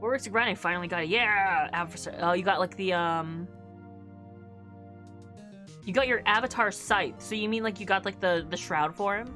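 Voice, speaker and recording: A woman's voice: medium pitch, normal speed, sharp tone, soft background music. A young woman streaming a game, chatting casually with viewers, laughing often between filler-heavy remarks. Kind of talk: casual live-stream chat while gaming.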